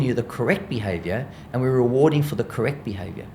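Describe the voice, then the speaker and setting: A man's voice: mid-range voice, fast talker, slight background noise. A man with a South African accent, an animal behaviourist guest, explaining dog training in an interview and acting out what dogs think. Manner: lively, acts out dog thoughts in voices.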